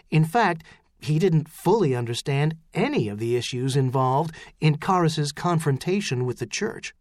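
Guy narrating an audiobook, steady storytelling, voice moves around a lot. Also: on the high side, no room sound. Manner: measured storytelling, rising into shouts for character lines. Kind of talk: scripted narration.

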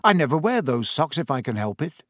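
A man's voice: a little high, big pitch swings, fairly quick, fairly bright tone, no echo, studio quality. A man voicing a level-headed, puzzled teenage boy wizard in a storybook reading. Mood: plain.

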